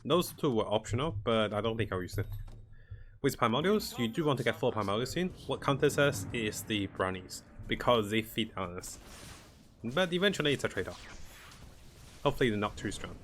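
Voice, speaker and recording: Gamer guy, lowish voice, relaxed play-by-play, thinking aloud over faint hiss. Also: brisk. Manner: thinking aloud, relaxed, talks to himself and the game. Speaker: gaming commentator. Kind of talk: casual live gameplay commentary.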